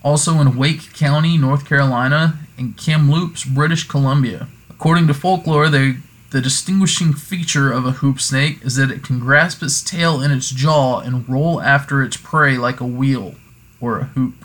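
A man at an average pitch talks casually through folklore. He wanders off into little jokey asides and corrects himself along the way. His tone stays loose and conversational. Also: fairly even intonation, normal speed, fairly bright tone. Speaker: podcast host.

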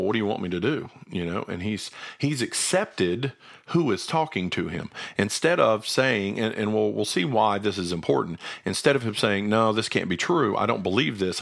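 A man's voice: fairly low pitch, expressive, a little fast, vocal fry. A man co-hosting a Bible study, earnestly explaining verses in a conversational way and thinking aloud. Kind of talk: conversational scripture teaching.

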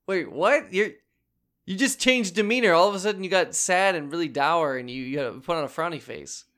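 A podcast host playing an advice doctor, a man who stammers and gets theatrically flustered as he tries to steer the show. His voice sits a little higher than most men's. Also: brisk, a bit bright. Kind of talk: improvised comedy podcast.

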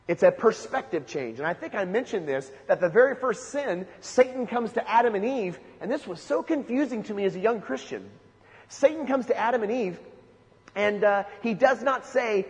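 A man's voice: sits high, animated, normal speed. A man preaching a sermon, emphatic, with rhetorical questions and lists. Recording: long hall reverb.

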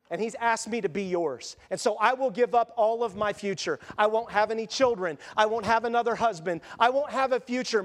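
A man's voice: high voice, close to an everyday voice. A man preaching a sermon, speaking as a devoted young widow who makes earnest, resolute vows.

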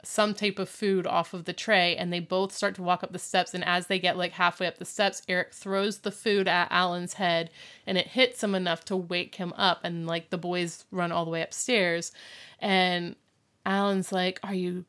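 A woman's voice: lowish voice, level tone, moderate pace, a bit bright. Chatty woman podcast co-host. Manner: chatty, many "like" fillers, acts out quotes. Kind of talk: casual chat recapping a TV episode.

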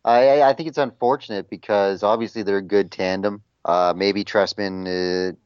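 A man co-hosting a sports podcast, talking in a measured way that hedges with fillers, over dry lo-fi audio. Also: fairly low pitch, fairly even intonation, a little mellow, clean tone, no echo. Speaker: podcast co-host. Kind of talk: casual sports chat.

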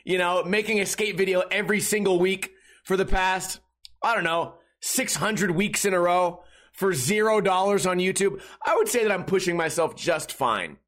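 A man in his thirties with a rather high-pitched voice delivers a rambling podcast monologue. He is sarcastic and profane, with many restarts. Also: moderate pace, fairly bright tone. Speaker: podcast host. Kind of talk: casual ranting monologue.

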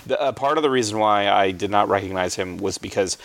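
A man's voice: lowish voice, a little fast, creaky. A man hosting a movie podcast in casual chat, rambling with plenty of fillers and frequent chuckles. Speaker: podcast host.

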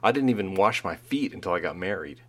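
A man's voice: deep voice, animated, fast talker, crowd noise. A middle-aged man telling rambling school stories in casual chat, laughing at his own jokes.

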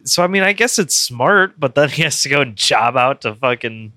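A man's voice: medium pitch, expressive, normal speed, pushed and bright, no room sound, clean studio sound. A man co-hosting a wrestling podcast in casual chat, sardonic and swearing freely.

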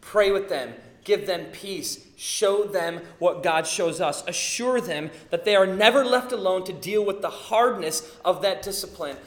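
A man in his thirties preaching a sermon, telling family stories with lively acted-out quotes. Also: high-pitched, a little slow, hardly any pauses, reverberant. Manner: animated storytelling, acting out quotes. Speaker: pastor.

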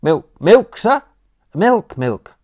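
A man's voice: sits high, very animated, extremely slow, darkish tone, pitched above the performer's own voice, full character voice. A man reading an audiobook voices a cheeky male butler with a mock-formal, impudent manner. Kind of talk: audiobook character voice.

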